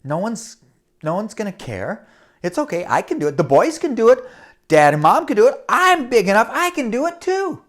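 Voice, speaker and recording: A woman's voice: very animated, normal speed. Woman putting on an eager little girl's voice. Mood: determined. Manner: high, pleading and shouting when scared. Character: little girl, eager and brave, then panicked.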